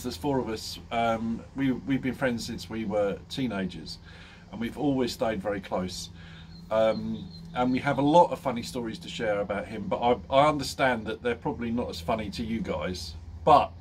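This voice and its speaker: A man's voice: mid-range voice, slight background noise. A man vlogging casually, telling a funny story with lots of ums and laughing often. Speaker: motorcycle vlogger.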